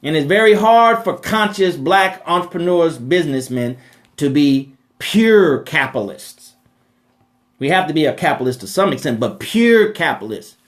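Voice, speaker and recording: A fairly high-pitched, animated man speaking at a moderate pace hosts a live question-and-answer talk about finances. He preaches emphatically, repeats phrases, and punctuates lines with rhetorical "right?"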